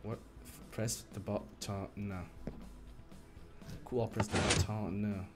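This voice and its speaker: A young man streaming a game, complaining and swearing, muttering low one moment and shouting the next. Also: little pitch movement, unhurried. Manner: frustrated, swearing, swings from mumbling to shouting. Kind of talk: live gameplay commentary. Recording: game music behind the voice. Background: game music.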